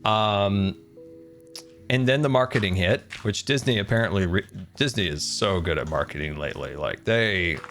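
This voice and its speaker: A man in his thirties chatting casually with viewers on a live game stream, laughing often and talking in an animated way. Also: on the low side, moderate pace, soft background music.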